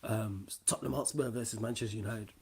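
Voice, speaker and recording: A man's voice: fairly low pitch, fairly even intonation, fast, creaky, darkish tone, husky. A man hosting a casual sports podcast, talking in laid-back slangy banter. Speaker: podcast host. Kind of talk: casual chat.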